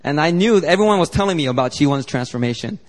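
A pastor preaching a sermon, telling a story animatedly and acting out the dialogue. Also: male voice, fairly high pitch, lively intonation, quick pace. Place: church sanctuary. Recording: long church hall reverb.

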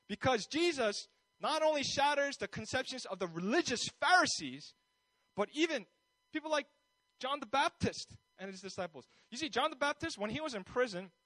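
Pastor, man, high-pitched, delivers a casual sermon and acts out the people he quotes, dry recording. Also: a bit bright, no room sound, poor audio. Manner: conversational, many fillers, acts out quoted voices.

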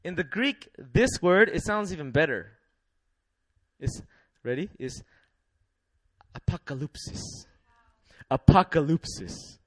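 Young guy preaching, high voice, chuckles a lot, gets the crowd repeating words, dry close sound. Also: measured pace, no room sound. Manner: lively, laughing often, call-and-response with congregation. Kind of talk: sermon.

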